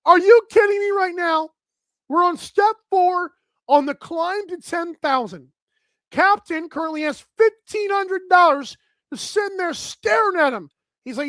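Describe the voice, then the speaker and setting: A man hosting a live sports betting talk show, energetic and outspoken as he runs through his picks. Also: very high voice, a little slow, dry recording. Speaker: host.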